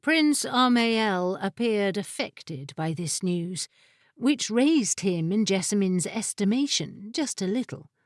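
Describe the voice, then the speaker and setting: A woman narrating a fantasy audiobook in a measured storytelling manner. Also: mid-range voice, animated, no room sound, studio quality.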